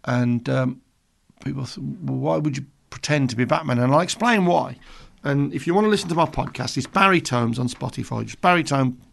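A middle-aged man with a Birmingham accent hosts a radio show, talking casually and cracking jokes as he wanders through a story. His voice has a gravelly, fry-edged texture at an ordinary middle pitch. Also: brisk, fairly bright tone. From England. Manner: chatty, jokey, rambling storyteller. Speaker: radio presenter.

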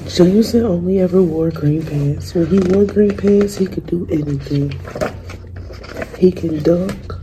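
A young woman, a student, reading a picture book aloud in a calm, measured way. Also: fairly low pitch, noisy background. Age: young adult. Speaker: student reader.

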